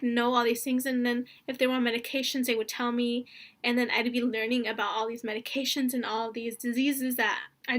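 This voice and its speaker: A woman's voice: a little high, fairly bright tone. A young woman telling a story in a casual vlog, rambling and earnest, full of "like" and "honestly" and near tears. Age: young adult. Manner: rambling, earnest, heavy use of fillers like "like" and "honestly"; emotional, close to tears. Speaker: vlogger.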